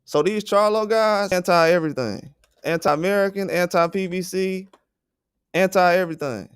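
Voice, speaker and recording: A man's voice: high voice, fairly even intonation, moderate pace, clean tone, dry recording, clean studio sound. A man hosting a livestream and ranting bluntly and with indignation, swearing freely. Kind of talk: heated livestream rant.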